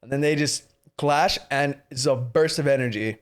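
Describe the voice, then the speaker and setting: A young man co-hosting a casual podcast, ranting about a movie with lots of swearing and mimicking characters in squeaky voices. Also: moderate pace. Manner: profane, animated, mimics characters in high voices. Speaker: podcast co-host. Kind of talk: casual movie review chat.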